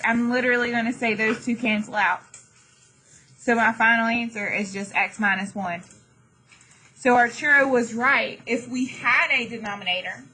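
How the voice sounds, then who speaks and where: A woman's voice: on the high side, sharp tone, a little hiss or hum, low-quality recording. A woman math teacher giving a classroom lesson, chatty and jokey, with dramatic asides to her students.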